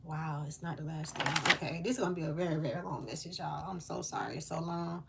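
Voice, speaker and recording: A woman's voice: low-pitched, fast talker, gravelly, very noisy. Earnest woman channeling a spiritual message. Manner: earnest and emotional, with hesitant fillers.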